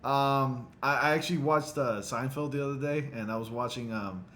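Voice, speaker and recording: A man hosting a casual livestream chat on a studio condenser mic, animated and laughing often. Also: medium pitch, moderate pace, a little hiss or hum. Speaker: livestream host.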